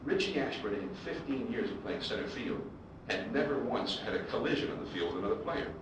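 Male baseball broadcaster, storytelling speech, animated pitch, echoey hall, distant mic. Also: a little fast, background noise. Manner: animated anecdotes, acting out quotes.

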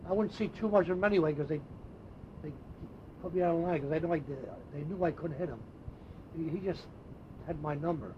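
An older man, a former ballplayer, telling animated anecdotes in an interview, with frequent restarts. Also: on the high side, fairly quick, pauses often. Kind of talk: storytelling interview. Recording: dull lo-fi tape with faint hiss.

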